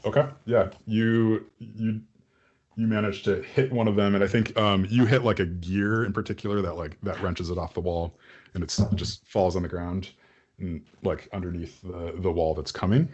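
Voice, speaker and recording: A man's voice: low-pitched, steady tone, moderate pace, a little mellow, husky, muffled recording. A man running a tabletop game as game master, describing scenes loosely with many fillers.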